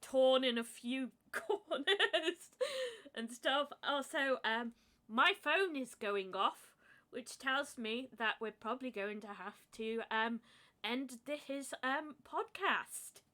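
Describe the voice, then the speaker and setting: A woman's voice: sits high, expressive, slow pace, sharp tone. A woman co-hosting a podcast in casual chat, giggly and playfully overdramatic. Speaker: podcast co-host.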